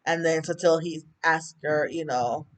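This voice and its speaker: This TV recap vlogger speaks low and steady, never hurrying, in a Jamaican accent. Casual and talkative, she drifts into tangents and performs the characters' dialogue while going over the episode.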